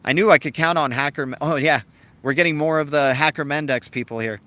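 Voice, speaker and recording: A man's voice: on the high side, fast, bright, forceful tone, no echo. A man hosting a casual live stream, talking through ideas and answering viewers in the chat. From Cuban heritage. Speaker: crypto livestream host.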